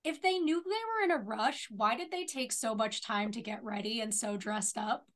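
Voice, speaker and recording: A woman's voice: fairly high pitch, moderate pace. A woman co-hosting a podcast in casual chat, opinionated and retelling scenes in detail. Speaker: podcast co-host. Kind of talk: casual chat and episode recap.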